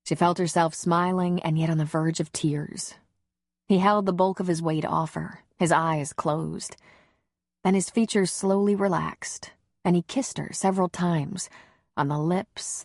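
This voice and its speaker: A woman with a husky, lowish voice reads a romance audiobook slowly and intimately. The sound is dry and close, with no room around it. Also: darkish tone, no echo. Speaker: audiobook narrator. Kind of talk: scripted romance audiobook narration.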